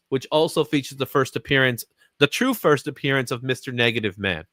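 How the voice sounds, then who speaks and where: Man, comic show host, bright tone, dry close sound, casual chat. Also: medium pitch, brisk, dry recording. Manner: laughs often, animated.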